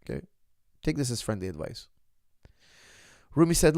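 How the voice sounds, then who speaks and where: Gravelly-voiced man coach talking to viewers. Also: medium pitch, sing-song, normal speed, long pauses, a little mellow, no echo, studio quality. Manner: opinionated, addresses viewers as "guys", restarts often. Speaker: martial arts coach. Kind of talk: casual monologue to viewers.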